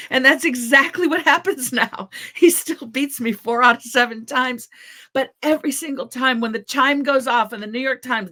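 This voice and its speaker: Middle-aged woman telling a personal story on a panel, animated, acts out the dialogue. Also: on the high side, moderate pace.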